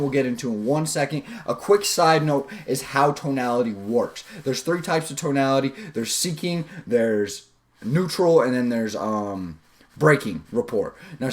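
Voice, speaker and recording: Animated man giving a motivational talk. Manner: animated, swings pitch up and down for emphasis; casual, slangy, with guided visualizations. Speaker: self-improvement video host.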